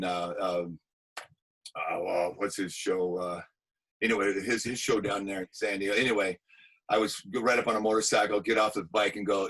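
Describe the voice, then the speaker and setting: A man, an actor and stuntman, telling animated anecdotes in a casual interview, acting out quotes. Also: fairly low pitch, husky, rough recording.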